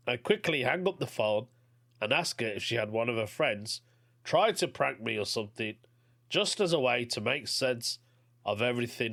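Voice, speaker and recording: A man's voice: medium pitch, very animated, unhurried, a bit bright. A man hosting a podcast, reading out a listener's story and chatting about it in an offhand way. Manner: chatty, offhand, says mate. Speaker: podcast host.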